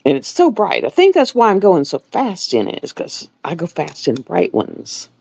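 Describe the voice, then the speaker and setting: A middle-aged woman hosts a livestream, chatting casually and meandering through stories as she sews. She speaks at normal speed in a fairly low, creaky, dark voice with huge pitch swings. The audio is lo-fi, dull, and dry.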